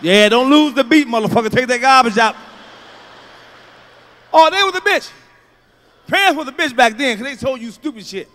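Very high-voiced, a man tells stories in a loud, foul-mouthed stand-up comedy set, breaking into abrupt shouts.

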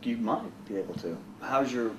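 A man's voice: mid-range voice, moderate pace, fairly bright tone. A dry, polite man talking casually as a talent agent. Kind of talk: casual chat. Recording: distant echoey room with faint noise.

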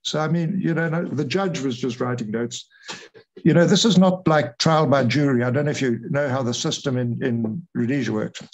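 A man's voice: mid-range voice, moderate pace, poor audio. Older man recounting a story. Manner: lively retelling, acts out quoted voices. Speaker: retired air force officer, guest. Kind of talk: storytelling interview.

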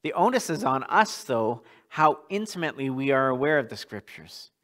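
A man's voice: mid-range voice, sing-song, moderate pace, fairly bright tone. A male pastor preaching a sermon in a church, earnest and often repeating words as he restarts a thought.

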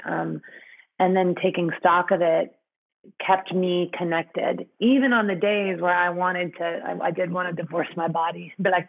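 A woman's voice: fairly low pitch, steady tone, moderate pace, gravelly, phone-quality sound. A woman guest in a conversational interview, speaking frankly with many fillers and frequent laughter.

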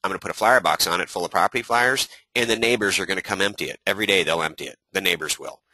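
A man's voice: deep voice, racing, low-quality recording. A man teaching a webinar with lots of energy, often asking rhetorical questions and acting out short conversations. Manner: energetic, talks in rhetorical questions, acts out homeowner dialogue. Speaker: real estate coach.

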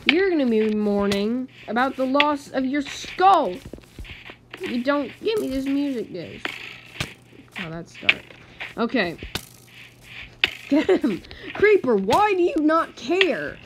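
A woman's voice: high voice, very animated, takes it slowly, pauses often, background noise. A woman hosting a channel, giving casual running commentary on her game and pleading with the creatures on screen. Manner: chatty, exasperated, talks to game mobs. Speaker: gaming channel host.

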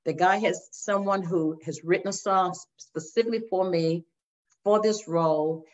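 An older woman minister sharing her testimony in a faith interview, telling it with lively storytelling and acting out the voices. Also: on the low side, moderate pace. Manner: animated storytelling, acts out voices, addresses listeners as y'all. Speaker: guest minister. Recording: dull lo-fi sound.

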